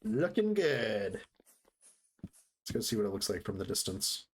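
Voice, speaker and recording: A man's voice: deep voice, flat delivery, a little fast, noisy background. A man streaming himself playing a building game, chatting casually to viewers as he plays. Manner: chatty, talks to chat while building. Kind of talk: casual live-stream gameplay commentary.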